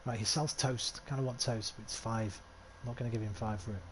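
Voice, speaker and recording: A man's voice: medium pitch, fairly even intonation, brisk, slight background noise. A man giving casual, self-mocking commentary while streaming a game. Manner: chatty, self-mocking, thinks aloud. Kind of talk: casual let's-play commentary.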